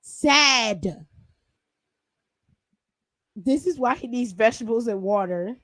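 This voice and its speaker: A woman's voice: on the high side, takes it slowly, no echo. A woman from Cleveland doing a casual, profane and sassy recap of a wrestling show. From Cleveland, USA. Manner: sassy, profane, animated storytelling. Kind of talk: casual commentary.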